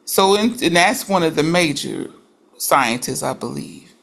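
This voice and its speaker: A woman speaks slowly in a religious study group, her voice carrying a gravelly edge. She reflects aloud, restarting sentences as she works through her thoughts in relaxed discussion. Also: sits low.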